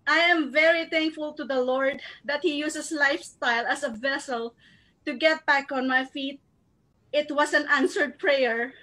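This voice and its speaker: A woman from the Philippines speaks in a high, bright register. She gives an earnest, heartfelt testimonial at a recognition event, working to keep her tears back as she speaks. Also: measured pace, low-quality recording. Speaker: marketing director giving a recognition speech. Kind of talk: emotional testimonial speech.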